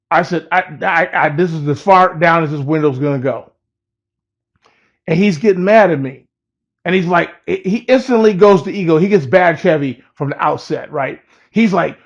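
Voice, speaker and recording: A man's voice: fairly high pitch, moderate pace, creaky. A man casually telling a personal story in a profane, laid-back way and laughing at it. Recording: dull lo-fi recording.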